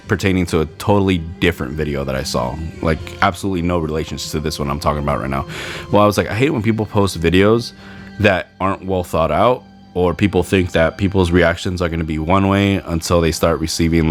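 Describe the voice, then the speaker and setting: Male podcast host, low voice, relaxed animated chat, faint music behind. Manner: animated storytelling, acts out quoted people in raised voices. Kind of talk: casual solo podcast chat.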